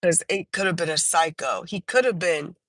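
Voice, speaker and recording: Her tone is fairly bright, and the low-quality recording carries no room sound. A woman livestream host shares a personal testimony casually, full of pauses, restarts and fillers, raising her voice to act out what she said herself.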